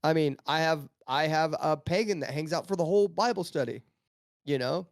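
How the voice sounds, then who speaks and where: Animated, storytelling man, dry sound. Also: fairly high pitch, normal speed, gravelly, no echo. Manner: storytelling, animated, many restarts. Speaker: Christian podcast guest. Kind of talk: casual podcast conversation.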